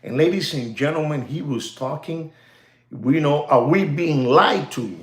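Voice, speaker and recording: Male livestream host, high voice, loose rambling monologue with Spanish asides, roomy echoey room. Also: measured pace. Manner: rambling and repetitive, addresses "ladies and gentlemen", drops Spanish phrases. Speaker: watch market livestream host.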